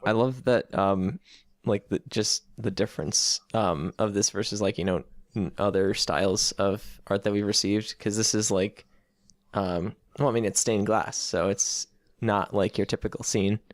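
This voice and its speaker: Male co-host, halting casual chat, slow, low and animated. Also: no echo, studio quality. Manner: hesitant, filler-heavy. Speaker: podcast co-host.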